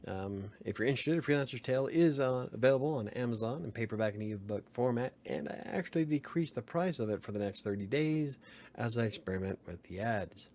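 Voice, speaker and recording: A man's voice: mid-range voice, expressive, brisk, a little mellow. A man hosting a casual late-night livestream, rambling, chuckling and answering chat comments. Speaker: livestream host.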